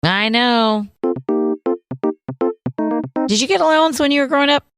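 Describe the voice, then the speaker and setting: Her voice sits high and unhurried over loud music as she co-hosts a casual chat show. Playful and teasing, she laughs often while talking about her kids.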